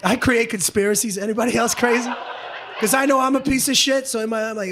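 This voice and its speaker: A man's voice: very high voice, fairly even intonation, quick pace, a bit bright. A man doing a stand-up comedy routine on a club stage, brash and profane, often slipping into other people's voices.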